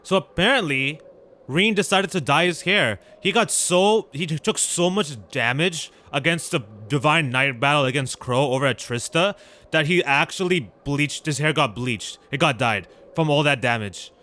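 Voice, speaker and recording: A man hosting a gameplay video, chatting casually and excitedly with viewers in slangy talk while he plays, with faint game music behind him. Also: fairly high pitch, moderate pace. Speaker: gaming channel host. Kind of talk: casual let's-play commentary.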